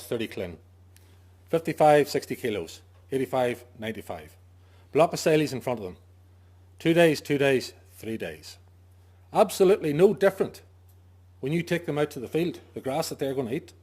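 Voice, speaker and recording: Speaking to a farming audience in a relaxed setting, this male sheep farmer is emphatic, quizzes himself and supplies the answers, and throws in jokey asides now and then. His voice sits in the mid-range and has a somewhat dark tone.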